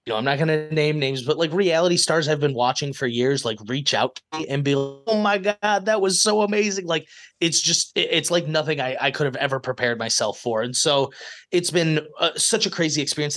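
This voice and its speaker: A man's voice: on the high side, a little fast, a bit bright. A man in his late twenties, a guest chatting casually on a video call and laughing often. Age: late 20s. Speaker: podcast guest, reality show contestant. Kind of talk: casual chat.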